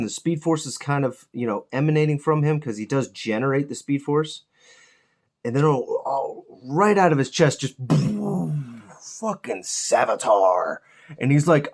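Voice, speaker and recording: A man hosting a miniature painting channel, chatting casually as he paints and ranting with lots of swearing and animated outbursts. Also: on the high side, measured pace. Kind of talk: casual chat while painting.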